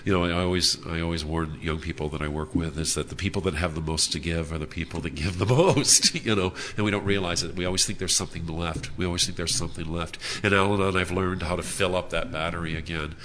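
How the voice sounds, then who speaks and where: A man sharing his personal story as a speaker at a convention, earnest and halting with frequent "uh" fillers. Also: deep voice, fairly even intonation, fairly bright tone, a little hiss or hum. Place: hotel convention room.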